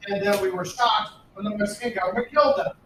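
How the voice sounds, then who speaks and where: An American history teacher gives a casual, blunt lecture packed with sarcastic asides, talking fast in a voice that sits high for a man. He is heard from a distance in a very echoey classroom with faint room noise.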